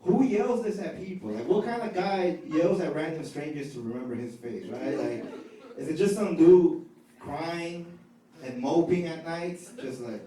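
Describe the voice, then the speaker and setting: High-voiced man doing stand-up. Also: measured pace, recorded from a distance. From Chicago. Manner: casual, conversational, keeps asking "right?". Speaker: stand-up comedian. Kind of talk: stand-up comedy set. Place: comedy club stage. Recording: roomy live club sound from off mic with loud crowd laughter.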